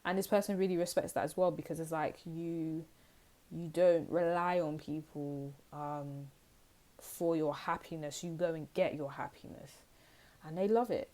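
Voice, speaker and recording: This tarot reader is a young woman from the UK with a deep, warm voice that stays steady at a normal speed. Her reading is casual and meandering, full of chatter and small acted-out scenes.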